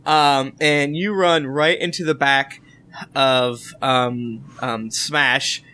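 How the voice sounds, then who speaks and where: A man's voice: medium pitch, steady tone, slow pace, pushed and bright. A man narrating as game master in a tabletop game, rambling with lots of filler and chuckles.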